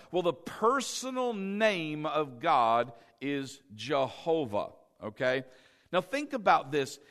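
High, lively-voiced preaching pastor. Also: male voice. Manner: call-and-response preaching, swinging between loud and soft. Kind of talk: sermon.

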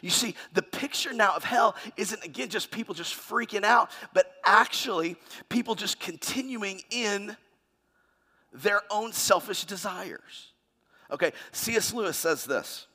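A man preaching a sermon, expressive and dramatic, acting out the voices he quotes with sudden swings in pitch and loudness. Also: unhurried, slightly rough. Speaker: pastor.

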